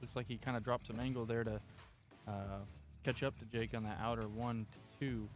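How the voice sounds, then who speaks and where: A man's voice: medium pitch, little pitch movement, fairly quick, soft background music. A man giving play-by-play commentary on drift runs, breaking down replays with frequent fillers.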